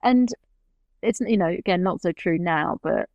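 A woman's voice: fairly low pitch, expressive, normal speed, gravelly, a little mellow, no room sound, highs cut off. A woman with a British accent, talking casually as a podcast guest, chatty and laughing often. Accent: British English. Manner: chatty, laughs often, trails off mid-sentence. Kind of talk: casual conversational interview.

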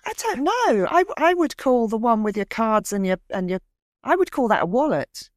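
A woman leads a relaxed conversation and quizzes her guest in a teasing way, with plenty of "um"s along the way. Her voice is dry and close, with no room echo. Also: on the high side, normal speed. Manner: playful quizzing, hesitant fillers. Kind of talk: casual chat.

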